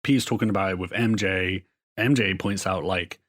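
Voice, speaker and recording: Man, podcast co-host, very low voice, rambling profane recap, casual chat. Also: fairly even intonation, fairly bright tone. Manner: rambling, profane storytelling with quick put-on quotes.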